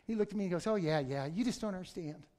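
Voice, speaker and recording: A middle-aged male pastor preaching a conversational sermon that breaks into sudden loud outbursts. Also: high-pitched, quick pace.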